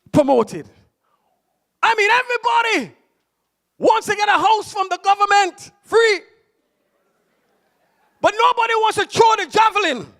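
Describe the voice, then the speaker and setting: A pastor preaching a passionate sermon, mixing stories with shouted exhortation. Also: male voice, very high-pitched, gravelly. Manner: impassioned, shouting preaching with storytelling.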